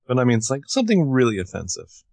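A man co-hosting a casual podcast with wry, understated humor and a low-key delivery. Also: huge pitch swings, fast, creaky, darkish tone, no room sound. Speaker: podcast co-host.

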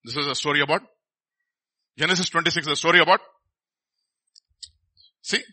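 A man's voice: on the high side, fairly quick, long pauses, pushed and bright. A middle-aged man, preaching a sermon in a conversational way and often asking the congregation questions.

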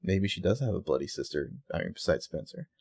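Low-voiced man in dry close recording. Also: expressive, fast talker, gravelly, a little mellow, no room sound. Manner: wry, joking asides. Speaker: podcast co-host. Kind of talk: casual TV recap chat.

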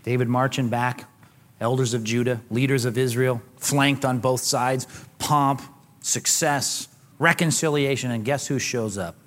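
A man's voice: medium pitch, unhurried, fairly bright tone. Man preaching in a reverberant hall. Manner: conversational storytelling with casual slang. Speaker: pastor. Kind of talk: sermon.

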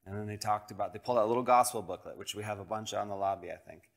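A man's voice: fairly low pitch, racing, vocal fry. Pastor guy telling a funny story in his sermon, self-deprecating, does little voices. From Colorado, United States. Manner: animated, self-deprecating, acts out quoted voices.

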